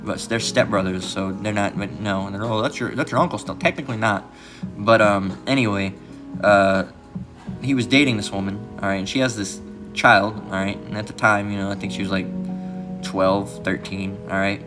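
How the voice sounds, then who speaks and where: A man with a lowish voice talks in a loose, rambling way. He keeps checking in with "all right?" as he explains, and now and then shifts higher to mock someone. Guitar music plays clearly behind him. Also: fairly even intonation, moderate pace. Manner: rambling, fills with "all right" and "you know"; mimics others in a raised mocking voice. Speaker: channel host. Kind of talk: casual rambling commentary.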